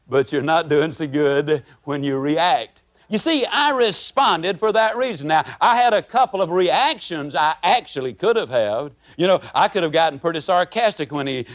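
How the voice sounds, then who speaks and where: A man giving a motivational speech, telling stories in a folksy, animated way and acting out angry rants. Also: high voice. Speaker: motivational speaker.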